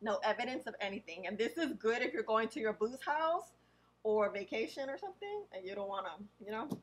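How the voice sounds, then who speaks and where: A woman vlogger with a slightly high voice chats her way through a haul. She reads each product name slowly and carefully, then drops into quick, offhand remarks. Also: animated, poor audio. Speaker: beauty vlogger. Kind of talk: casual haul unboxing.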